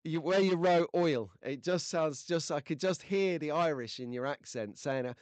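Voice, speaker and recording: A man with a voice on the high side talks at a measured pace, hosting a casual livestream where he reads comments and rambles jokily with many fillers. The recording is dry, from a desk microphone close to his face.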